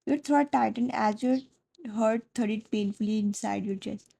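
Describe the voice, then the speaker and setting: A woman narrating a second-person fan fiction story, soft and dramatic in her delivery. Her voice has a dark, mellow colour and a steady gravelly creak. She keeps a smooth storytelling flow. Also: fairly high pitch, a little slow, low-quality recording.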